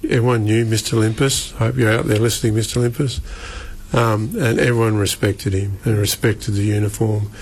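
A man, a radio guest speaking earnestly and haltingly with many restarts. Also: fairly low pitch, little pitch movement, a little mellow, slightly rough. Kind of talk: radio interview.

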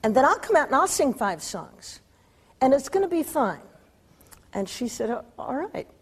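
A woman being interviewed, telling a lively anecdote, often laughing and acting out the voices she quotes. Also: high voice, normal speed, breathy edge. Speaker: interview guest. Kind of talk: storytelling anecdote.

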